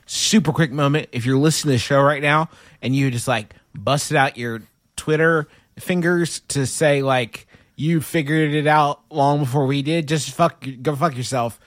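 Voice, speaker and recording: A man's voice: fairly high pitch, normal speed, dry recording, clean studio sound. A man playing a tabletop game, joking and brash in casual banter. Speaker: player.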